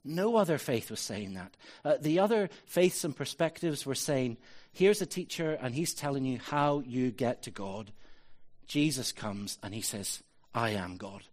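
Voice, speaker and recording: A man's voice: mid-range voice, lively intonation, a little slow, a little mellow. A man preaching a sermon as a pastor, earnest and building to emphatic rhetorical questions.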